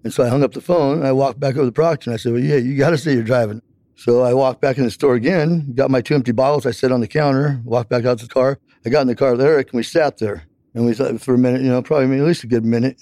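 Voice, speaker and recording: A man's voice: medium pitch, dark tone, no room sound. A man telling a long personal account in an interview, rambling with many fillers.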